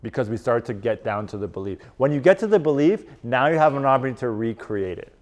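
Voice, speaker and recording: A man's voice: mid-range voice, fast. Guy coach giving a talk to a crowd, chatty, lots of "like", swings up and down. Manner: casual and animated, lots of "like" and "right?". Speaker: strength and performance coach. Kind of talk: motivational presentation to a live audience. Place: conference room.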